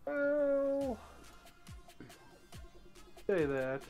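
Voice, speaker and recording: A man's voice: extremely high pitch, big pitch swings, very slow, a little mellow, soft background music. A man teasing his streamer friend in casual banter.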